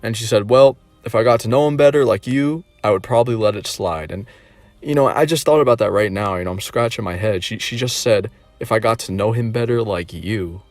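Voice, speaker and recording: A man's voice: on the low side, brisk, dry recording, soft background music. Rambling, incredulous man telling a story. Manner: rambling, incredulous, repeats himself. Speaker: online dating video creator. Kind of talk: casual vlog commentary.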